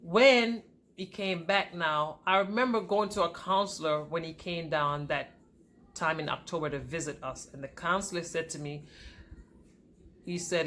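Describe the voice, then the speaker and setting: Expressive woman telling a personal story. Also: moderate pace. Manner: candid and conversational, addresses viewers as "y'all"; pitch and volume swing widely with emotion. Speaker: vlogger.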